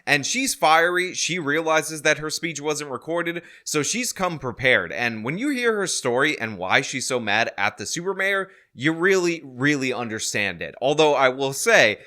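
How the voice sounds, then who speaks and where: Man, bright voice, commentary host, conversational, opinionated. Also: fairly high pitch, expressive, normal speed, hardly any pauses. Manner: conversational, opinionated, explains and asides. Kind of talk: commentary over clips.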